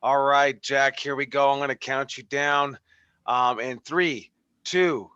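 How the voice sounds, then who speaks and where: Bright-voiced wrestling coach on a dull call. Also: male voice, medium pitch, steady tone, smooth, dry recording. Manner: brisk, encouraging. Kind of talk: running a class over video.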